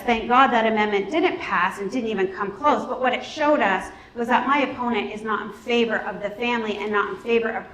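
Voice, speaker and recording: A woman giving an emphatic campaign speech at a local meeting, often repeating her words as she presses a point. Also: on the high side. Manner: earnest, emphatic, with quick repeated phrases. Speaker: political candidate. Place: meeting hall. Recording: echoey meeting room.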